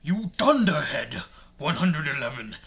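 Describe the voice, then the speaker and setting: A man's voice: on the high side, big pitch swings, a little slow, fairly bright tone. A man voicing a sneering, stern male potions professor in a casual comedic reading. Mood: scornful.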